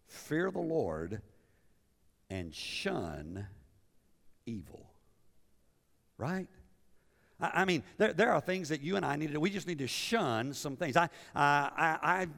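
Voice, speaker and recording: Gravelly-voiced man preaching in a reverberant hall. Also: mid-range voice, a bit bright. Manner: conversational preaching with rhetorical questions and many restarts. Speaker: pastor. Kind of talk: sermon.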